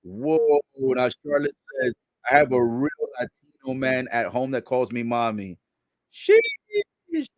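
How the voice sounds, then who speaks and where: A man giving a casual live recap of a wrestling show, relaying what is said in the ring and reacting with laughs and loud exclamations. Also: medium pitch, fairly even intonation, a little slow, no room sound, clean studio sound. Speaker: live wrestling watch-along commentator.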